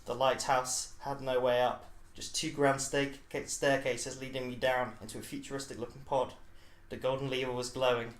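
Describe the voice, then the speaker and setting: A man's voice: medium pitch, flat delivery, normal speed, hardly any pauses. Man narrating a story in an echoey room. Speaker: podcast co-host reading his own story. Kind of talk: scripted narration read aloud.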